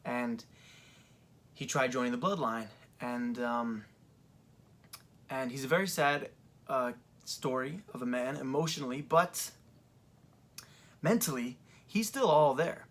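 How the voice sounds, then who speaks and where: Young guy rambling thru a casual vlog recap, lots of ums, middle pitch, creaky chair. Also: takes it slowly, pauses often. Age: young adult. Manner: rambling, filler-heavy retelling. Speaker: wrestling fan reviewer.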